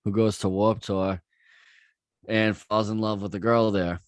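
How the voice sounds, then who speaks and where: A man's voice: fairly low pitch, little pitch movement, measured pace, dry recording, clean studio sound. A young man co-hosting a podcast, laid-back, reading his notes with fillers in casual chat. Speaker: podcast co-host.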